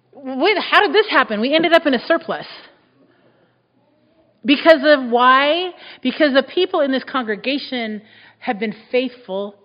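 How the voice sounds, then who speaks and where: A woman pastor preaching a sermon, emphatic and repeating key phrases, her voice rising loud and dropping soft. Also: medium pitch. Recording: echoey hall, dull muffled sound.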